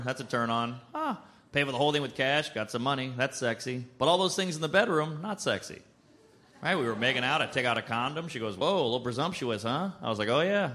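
A man performing a stand-up comedy set on a club stage, with a punchy, brash delivery and quick asides. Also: medium pitch, sharp tone, slight background noise.

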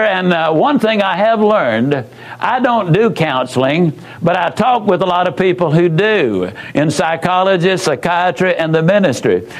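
High-voiced, emphatic motivational speaker man. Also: low-quality recording. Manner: folksy, emphatic, with dramatic pauses and repetition. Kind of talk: motivational storytelling speech.

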